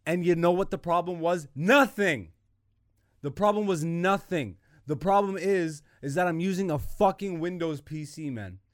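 A man hosting his own podcast, ranting with exasperation and plenty of profanity. His voice sits a bit high for a man and keeps jumping into loud bursts. The recording is dry and close, with no room sound. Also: normal speed, dry recording. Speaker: podcast host. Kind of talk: ranting casual monologue.

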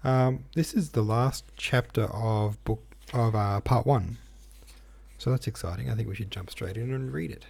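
A man's voice: medium pitch, moderate pace, gravelly, a little mellow, breathy edge. A man reading a classic novel aloud and musing on it, thoughtful and a bit hesitant. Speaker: reader and discussion leader.

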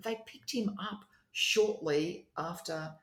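A speaker with an Australian accent, explaining legal process in a measured way as a guest in a casual discussion. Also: mid-range voice, a bit bright. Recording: roomy echo.

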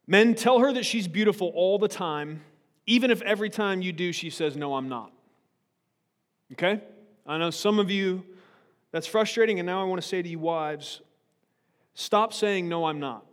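A high-pitched male pastor gives a relaxed, humorous sermon at a moderate pace, joking and frequently checking in with his congregation. His voice rings out with a long reverb tail, like a recording made in a large church sanctuary.

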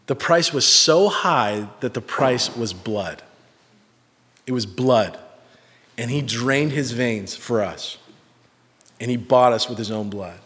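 A man preaching a sermon, telling a personal story with an animated, self-mocking manner. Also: medium pitch, slow, pauses often. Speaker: pastor. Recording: reverberant hall.

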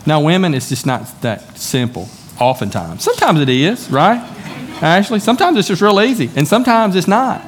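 A man preaching to his church congregation in a relaxed, conversational way, telling everyday stories and acting out the lines of the people in them. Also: a little high, brisk, slight background noise. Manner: conversational, folksy storytelling with acted-out dialogue. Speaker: pastor. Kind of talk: sermon. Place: church sanctuary.

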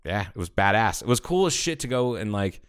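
A man co-hosting a podcast, chatting casually and telling profane, animated stories while acting out the people he quotes. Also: on the low side, a little fast, smooth. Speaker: podcast co-host. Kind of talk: casual chat.

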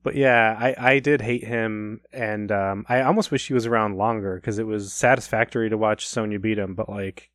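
A man's voice: on the low side, steady tone, moderate pace, hardly any pauses, fairly bright tone, no room sound. A man co-hosting a casual podcast, rambling and joking with swearing about movies. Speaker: podcast co-host.

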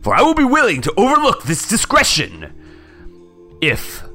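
A man voicing a pompous, grandiose male restaurant manager who booms theatrical declarations. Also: wildly swooping pitch, moderate pace, bright, forceful tone, faint music behind, full character voice. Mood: imperious.

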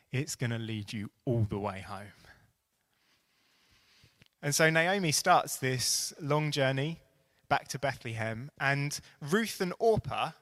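A man preaching a sermon, retelling a story earnestly and building to animated emphasis. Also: medium pitch.

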